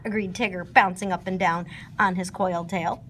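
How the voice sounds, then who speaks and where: A woman reading a children's storybook aloud, expressive in her narration. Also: on the low side, normal speed, slight background noise.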